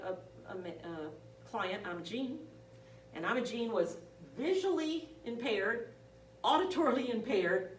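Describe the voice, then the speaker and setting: Woman instructor, lively storyteller, lecture recorded from afar in an echoey room with faint hum. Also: medium pitch. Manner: animated storytelling, acts out quoted voices. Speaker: nursing instructor. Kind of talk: classroom lecture with anecdotes. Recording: roomy, from a distance, faint hum.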